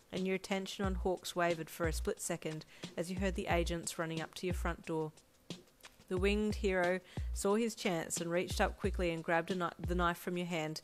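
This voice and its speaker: A woman narrating a second-person fanfiction audio story in a steady, even storytelling voice. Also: on the low side. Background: faint lo-fi drum loop music.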